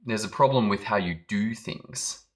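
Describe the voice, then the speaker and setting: A man's voice: on the low side, moderate pace. A man giving a motivational business talk, telling a dramatic story and acting out quoted lines. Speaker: business coach.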